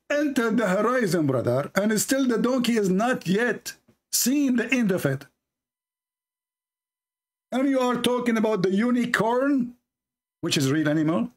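A man hosting a religious debate, reading a text aloud and mocking it sarcastically with sudden high-pitched jabs. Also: animated, measured pace, long pauses. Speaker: debate host.

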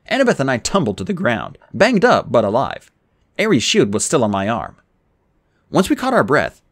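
A man narrating an adventure audiobook in the first person, with a dramatic, expressive reading. His pitch leaps around through the action beats. The recording is dry and close, with no room sound. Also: no room sound. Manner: expressive, dramatic reading with raised character lines. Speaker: audiobook reader.

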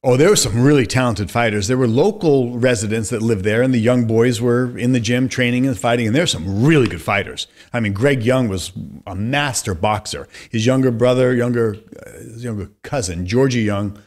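A man in his fifties from California, a podcast guest telling long animated stories and acting out the voices of people he quotes. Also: mid-range voice, brisk, hardly any pauses. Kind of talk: conversational storytelling.

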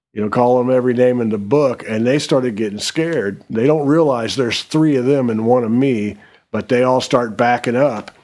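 A middle-aged man spinning a story from his own life. He talks in a relaxed, easygoing way, with plenty of "you know" and "uh", his pitch sitting mid-range for a man. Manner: relaxed, unhurried, with frequent fillers. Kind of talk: casual spoken storytelling.

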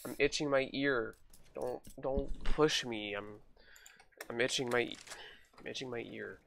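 A man's voice: medium pitch, unhurried, creaky, a bit bright, a little hiss or hum. A man hosting a gaming video, joking and trash-talking in casual commentary while he plays. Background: game gunfire and keyboard clicks.

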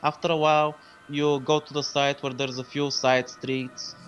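A man narrating as game master of a tabletop game, pausing often with fillers. His voice sits at an ordinary middle pitch. The recording is dull and lo-fi, with faint music underneath. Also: flat delivery. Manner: hesitant, many fillers. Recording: dull lo-fi sound.

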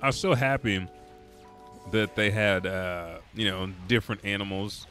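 A man's voice: fairly low pitch, a little slow, pushed and bright, soft background music. Tired, profane, rambling young man. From Oklahoma, US. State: tired from staying up all night. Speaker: gaming streamer. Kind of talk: casual storytelling while playing.

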